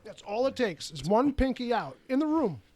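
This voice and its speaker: A man's voice: extremely high pitch, very animated, moderate pace, darkish tone. A man hosting a casual podcast from home, joking around while eating pizza. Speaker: podcast host. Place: home, kitchen nearby.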